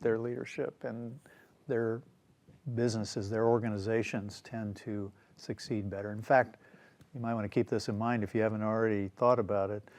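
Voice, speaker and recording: A man hosting a casual book discussion, talking in a relaxed, rambling way with frequent fillers and some throat clearing. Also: lowish voice, moderate pace. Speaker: show host.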